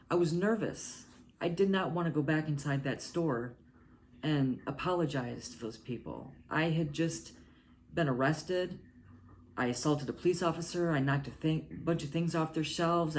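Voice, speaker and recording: A woman vlogger speaking in short, halting, earnest phrases in a confessional talk to camera. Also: deep voice, darkish tone, slight background noise.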